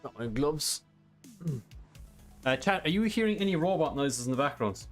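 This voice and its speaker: A man's voice: fairly high pitch, big pitch swings, moderate pace, soft background music. A man streaming a driving game, reading chat questions and explaining a track in a casual, rambling way. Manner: casual, rambling, many fillers. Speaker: sim racing streamer.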